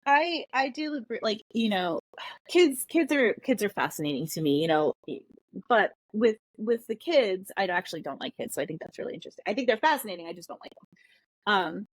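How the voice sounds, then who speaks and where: A woman in her thirties appears as a podcast guest, her mid-range voice brisk and sing-song on a dry recording. She talks casually, candidly and bluntly, acting out her kids' lines in dialogue.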